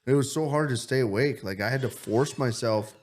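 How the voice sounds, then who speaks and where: A young man co-hosting a podcast, telling stories in a loose, animated way and swearing a lot. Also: mid-range voice, fairly quick. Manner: animated storytelling, heavy swearing. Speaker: podcast co-host. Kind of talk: casual chat.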